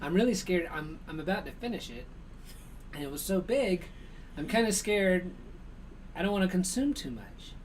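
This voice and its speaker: A man's voice: sits high, big pitch swings, moderate pace, long pauses, far from the mic, a little hiss or hum. A man co-hosting a casual chat show, rambling and laughing often. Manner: laughs a lot, rambling, reads sponsor list. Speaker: co-host.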